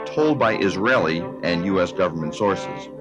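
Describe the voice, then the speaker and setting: A man giving grave, measured scripted narration for a documentary. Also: low voice, expressive. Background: music.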